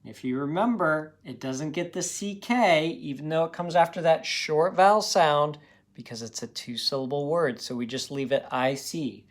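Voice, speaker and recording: A man's voice: a little high, moderate pace. A man teaching a recorded phonics lesson to young students. He talks patiently and encouragingly and sounds out words part by part.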